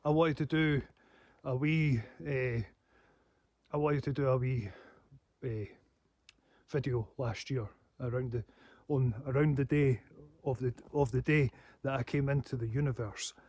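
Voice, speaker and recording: A man's voice: medium pitch, fairly even intonation, measured pace, long pauses, a little mellow, dry recording. A man rambling in a casual vlog monologue, swearing often and breaking into laughs. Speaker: paranormal vlogger.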